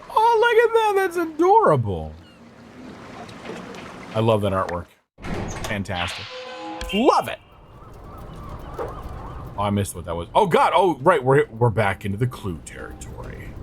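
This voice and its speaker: A man streaming a game, chatting casually, swearing and talking to himself as he plays. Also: mid-range voice. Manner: chatty and swears often, with frequent laughs and self-talk. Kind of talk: casual gameplay commentary.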